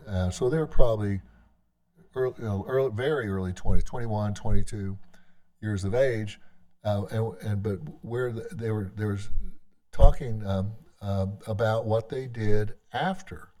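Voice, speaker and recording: A man with a low, mellow voice addresses a legislative session as a tribal government leader. His remarks are unscripted and conversational, halting often and circling back to restart his sentences.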